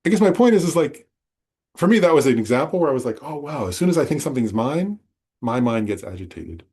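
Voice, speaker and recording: A man teaching a Buddhist class in a relaxed, conversational way, often checking in with his listeners and correcting himself as he goes. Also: medium pitch, fast talker, husky. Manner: conversational, self-correcting, frequent "right?". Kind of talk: informal dharma talk. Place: meditation center class.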